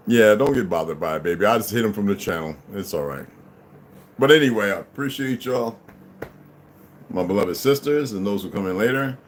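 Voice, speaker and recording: A man's voice: lowish voice, slight background noise. A tired man chatting casually and profanely on a livestream, greeting viewers as they arrive. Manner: laid-back, profane, rambling, greets viewers as "beloved". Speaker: livestream host.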